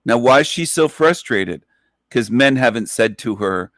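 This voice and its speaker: A man's voice: medium pitch, lively intonation, a little slow, fairly bright tone, no echo, studio quality. A man hosting an online radio show, ranting in an emphatic, profane, repetitive monologue. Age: adult, past twenties.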